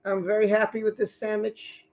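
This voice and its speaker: A man's voice: sits high, monotone, normal speed, dull audio. A man hosting a live stream from his home, chatting loosely while he eats and talks about his food. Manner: rambling, chatty, and talking with food. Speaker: livestream host. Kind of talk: casual chat while eating on a live stream.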